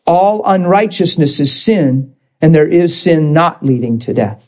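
A man's voice: fairly high pitch, a little mellow. A man preaching a sermon, impassioned and rising to emphatic bursts.

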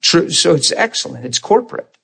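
A middle-aged male preacher delivers a sermon to a small class. His voice sits a little high, and he talks in a conversational way. He checks in with the room for agreement and acts out prayers in quoted voices. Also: big pitch swings, a little fast, creaky, sharp tone, slightly rough.

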